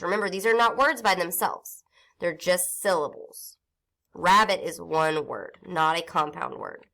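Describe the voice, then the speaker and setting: A woman teaching a phonics lesson to young children, sounding out syllables slowly and clearly. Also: on the low side, pushed and bright. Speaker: reading teacher.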